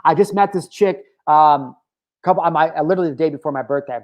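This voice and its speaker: A man in his thirties speaks as host of his own motivational talk. His voice sits a little higher than most men's, and he talks candidly, swears freely and wanders into tangents with plenty of filler words. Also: quick pace, highs cut off. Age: 30s.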